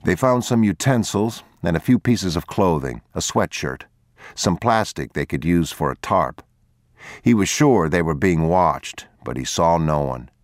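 A man narrating a novel aloud in a measured, grave reading. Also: deep voice, animated, no room sound, clean studio sound. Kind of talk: audiobook narration.

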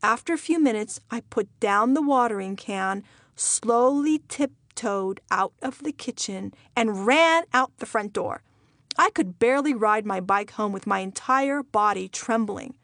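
A woman from Iran narrates her memoir in a somewhat high voice, recounting it with wry, deadpan humor. The recording is close and dry, with no room sound around her. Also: a little slow, no room sound.

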